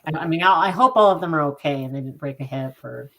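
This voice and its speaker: A woman's voice: sits low, fast talker, bright, forceful tone, a little hiss or hum. A woman co-hosting a casual chat, responding with enthusiasm. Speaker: podcast co-host.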